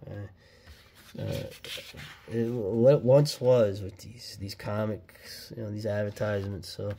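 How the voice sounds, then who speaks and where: A man hosting a casual vlog, reviewing an old comic book with excited, slangy chatter and frequent laughs. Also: on the low side, slow pace, creaky, slight background noise.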